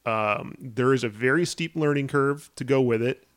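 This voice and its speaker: A man chatting casually about video games, rambling with filler words and restarts, getting animated as he talks. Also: mid-range voice, moderate pace.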